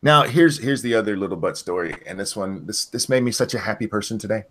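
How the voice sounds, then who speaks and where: A man's voice: lowish voice, fast talker, a bit bright. An older man hosting a casual livestream chat, telling stories with swearing and jokes. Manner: profane, joking storyteller. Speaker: stream host.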